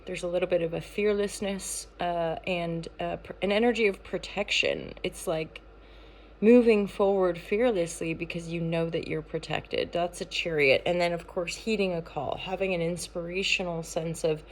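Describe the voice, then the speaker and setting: A woman's voice: fairly low pitch, fairly even intonation, moderate pace, slight background noise. Rambling, playful woman reading tarot. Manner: rambling, playful, with frequent fillers and restarts. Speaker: tarot reader and channel founder. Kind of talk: casual daily tarot reading.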